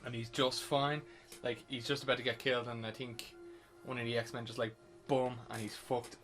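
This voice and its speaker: A man's voice: mid-range voice, little pitch movement, normal speed, a bit bright, faint music behind. A man on a podcast casually recapping a film, rambling and swearing. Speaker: podcast host. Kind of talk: casual film review chat.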